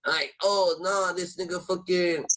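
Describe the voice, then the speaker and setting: A man telling a rowdy street story in casual chat, heavy with slang and cursing, jumping in pitch whenever he acts out other people. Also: measured pace, low-quality recording. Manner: animated storytelling, acting out quoted voices with jumps in pitch. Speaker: host.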